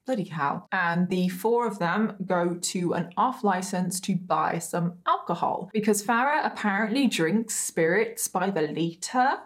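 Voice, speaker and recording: A woman's voice: on the low side, expressive, unhurried, hardly any pauses. A woman hosting a true crime show, telling the case in a casual, chatty way, often breaking off into giggles and asides.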